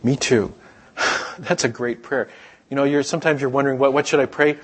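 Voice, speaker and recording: Husky-voiced man preaching conversationally. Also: medium pitch, steady tone, normal speed. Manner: conversational storytelling, acts out quoted voices. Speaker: pastor. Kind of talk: sermon.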